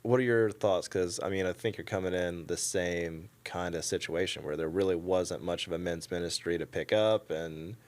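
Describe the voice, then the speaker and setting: A man's voice: low-pitched, moderate pace, hardly any pauses. A man with a Southern US accent hosting a podcast interview, mostly giving short affirmations and laughing along with his guest. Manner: brief warm backchannels, laughs along. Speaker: podcast host.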